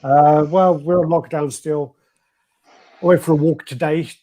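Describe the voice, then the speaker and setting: A man's voice: a little high, steady tone, measured pace, dark tone. A man hosting a casual live stream, reading out viewer comments with a laid-back, swearing manner. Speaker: host.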